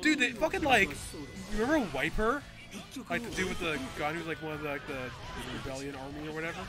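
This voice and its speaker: Animated young man chatting over game music. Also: on the high side, a little fast. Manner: animated, laughing, swearing, mimics voices. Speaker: gameplay commentator. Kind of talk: casual chat over gameplay.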